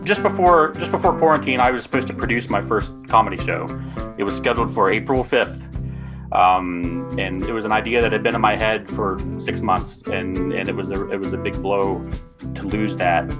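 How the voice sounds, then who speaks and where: A man speaking earnestly about producing comedy shows, pausing now and then with small hesitations. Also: fairly low pitch, steady tone. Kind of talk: personal testimonial. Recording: music bed under the voice.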